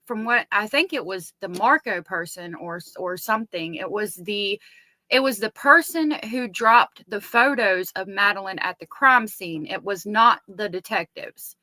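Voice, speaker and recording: A woman's voice: mid-range voice, pushed and bright, no echo. A woman with a Southern US accent hosting a casual true crime live stream, chatting and greeting viewers by name.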